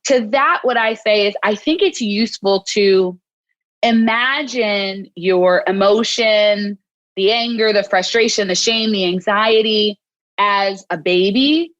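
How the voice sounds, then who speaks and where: A woman clinical psychologist speaking as an interview guest, in a voice of ordinary pitch for a woman. She explains her ideas reflectively and acts out short bits of inner dialogue. The recording sounds dull and lo-fi. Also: unhurried, fairly bright tone. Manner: reflective, explains with acted-out self-talk, often adds "right?". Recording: dull lo-fi audio.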